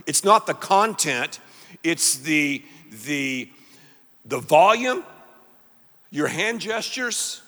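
A man preaching a sermon, leading the congregation to repeat lines back to him in an animated way. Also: fairly high pitch, very slow, long pauses, long reverb tail. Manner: animated, call-and-response with congregation. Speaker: pastor.

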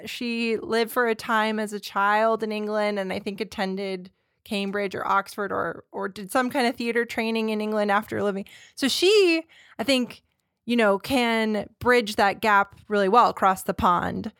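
A woman's voice: mid-range voice, a little slow, a bit bright, clear, resonant tone, no room sound. Chatty woman co-host, dry sound. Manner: chatty and rambling, with frequent restarts and laughs. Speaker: podcast co-host. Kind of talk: casual film chat.

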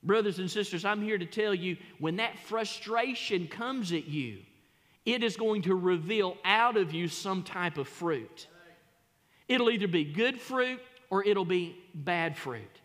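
A man preaching a sermon as pastor, emphatic, repeating his phrases and rising to loud peaks. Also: sits high, lively intonation, unhurried. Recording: long reverb of a church hall.

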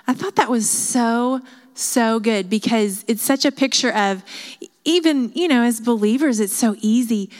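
A woman's voice: a little high, unhurried. A woman leading a women's Bible study, teaching in an earnest, chatty way with frequent asides and fillers. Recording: hall reverb.

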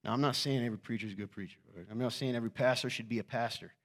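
A man preaching a sermon to his church in a conversational, joking way, asking rhetorical questions and swinging from quiet asides to loud, excited bursts. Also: mid-range voice, rapid-fire. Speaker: pastor.

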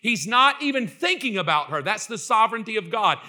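Brisk and high-pitched, a preacher delivers an animated sermon, voicing the figures in his story and rising into passionate shouting.

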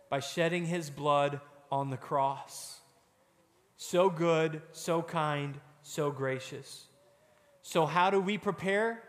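A man giving a children's sermon, telling a story and acting out quotes with animated delivery. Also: a little high. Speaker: children's pastor. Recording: long hall reverb.

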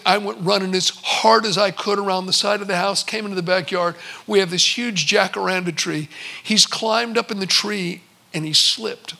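A man in his sixties preaching a sermon, telling stories and slowing for emphatic pauses. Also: high-pitched, gravelly, pushed and bright. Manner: storytelling, with slow emphatic pauses. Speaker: pastor.

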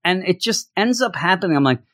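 A man casually reviewing a comic, joking and acting out characters' lines in quick voices. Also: sits high, no echo, studio quality. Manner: animated, jokey, acts out characters in quick voices. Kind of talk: casual solo review chat.

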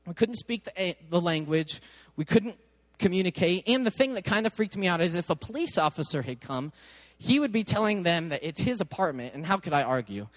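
A man preaching in a chatty, animated storytelling way, often restarting his sentences. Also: high voice, fairly quick. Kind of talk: storytelling sermon. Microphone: headset mic.

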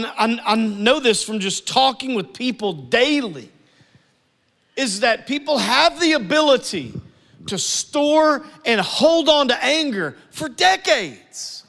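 High bright-voiced man preaching in a hall. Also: sing-song, slow pace. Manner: earnest, conversational preaching with repetition. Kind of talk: sermon.

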